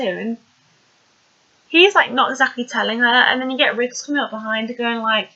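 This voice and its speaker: A woman's voice: fairly high pitch, moderate pace, sharp tone, dull audio. A woman casually recapping a TV episode, chatty and rambling with plenty of fillers.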